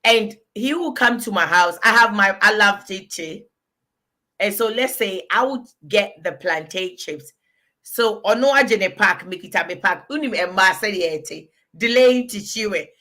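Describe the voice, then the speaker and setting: Lively Ghanaian woman, bright voice. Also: mid-range voice, a little slow. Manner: animated, storytelling, breaks into laughter. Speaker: guest. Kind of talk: casual talk show chat.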